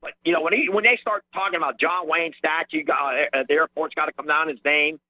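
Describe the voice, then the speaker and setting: Male radio caller, indignant rant, bright tense voice, muffled phone sound. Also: fairly quick, no echo. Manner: indignant ranting, lively pitch swings. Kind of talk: call-in radio talk. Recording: dry muffled phone line.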